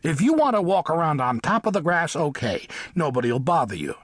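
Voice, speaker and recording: A man voicing a blunt, no-nonsense male farm cat in an audiobook, speaking gruffly and matter-of-factly. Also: a little high, very animated, a little fast, no room sound, studio quality. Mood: stern. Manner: gruff, warning, matter-of-fact. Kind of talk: audiobook character voice.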